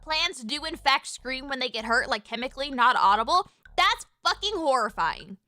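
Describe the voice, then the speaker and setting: A woman streams live, talking off the cuff in a high, bright voice. Her thoughts spill out with "like" at every turn, casual swearing, and sudden excited squeals. Faint music plays softly in the background. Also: moderate pace, no echo. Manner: rambling, filler-heavy, swears freely, animated squeals. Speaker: livestreamer. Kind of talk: casual chat on a livestream.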